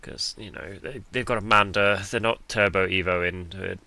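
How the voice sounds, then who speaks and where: A man's voice: sits low, steady tone, normal speed, gravelly, sharp tone, dry recording. A man giving laid-back, self-deprecating commentary over his own card game match, with the odd bit of mild swearing. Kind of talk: casual gameplay commentary.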